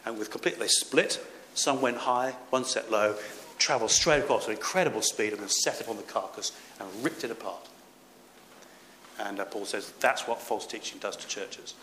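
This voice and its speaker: A man's voice: fairly low pitch, normal speed, bright, forceful tone. A man preaching a sermon as a pastor, earnest and emphatic, with rising exhortations. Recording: echoey room with faint background noise.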